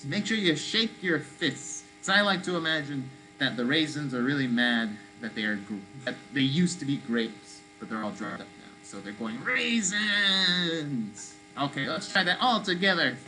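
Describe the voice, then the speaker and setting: A woman leading children in a playful call-and-response movement game, coaxing them to shout along. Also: very deep voice, lively intonation, normal speed, hardly any pauses, rough recording. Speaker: children's activity leader. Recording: faint mains hum.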